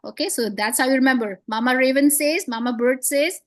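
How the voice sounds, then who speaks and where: A woman's voice: sits high, moderate pace, few pauses, no echo. Encouraging woman teaching letters. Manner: encouraging, praises often, playful memory tricks. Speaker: Quran reading teacher. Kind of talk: one-on-one beginner lesson.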